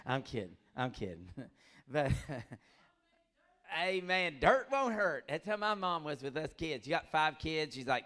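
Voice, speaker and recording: Middle-aged male stand-up comic, lively storyteller who acts out characters. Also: mid-range voice, moderate pace. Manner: animated storytelling, acts out voices, laughs often. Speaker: stand-up comedian. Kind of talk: stand-up comedy set.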